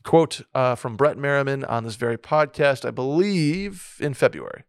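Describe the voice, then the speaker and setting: Rambling podcast co-host, dry sound. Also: male voice, medium pitch, moderate pace, smooth, no room sound. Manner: rambling, many restarts and fillers. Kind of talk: casual sports podcast chat. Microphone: studio mic with a soundboard.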